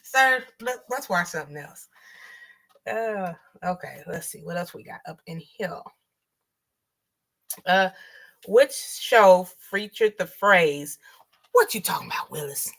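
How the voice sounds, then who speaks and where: A woman in her thirties in relaxed, laughing chat on a trivia livestream, reading out viewer comments. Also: on the low side, slow pace, long pauses. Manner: laid-back, laughs often, reads viewer comments aloud. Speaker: livestream co-host.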